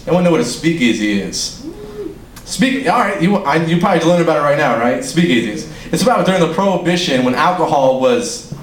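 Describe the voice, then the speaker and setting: In a small room before an audience, a young man with a mid-range voice does amateur stand-up, wandering from bit to bit, cursing, and cracking himself up. The echoey recording has faint ambience and a bit of background noise.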